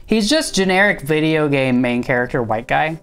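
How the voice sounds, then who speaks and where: A man's voice: fairly high pitch, animated, normal speed, a bit bright, faint music behind. A man hosting a comedy show, ranting sarcastically and rambling while he gets his makeup done. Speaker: host.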